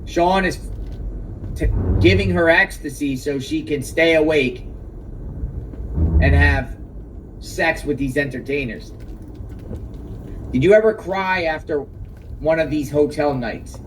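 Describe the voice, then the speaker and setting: A man delivers live reaction commentary outdoors, slowly and emphatically, repeating every point for effect. His voice sits a little high. The mic is some way off, and faint outdoor noise and passing vehicles sit behind him. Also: distant mic, poor audio.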